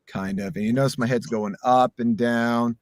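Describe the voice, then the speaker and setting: A man, a voice actor, chatting casually and animatedly about his craft and demonstrating warm-ups, his voice a little sore. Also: medium pitch, steady tone, normal speed, no room sound, clean studio sound. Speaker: voice actor guest. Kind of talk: casual chat explaining voice acting.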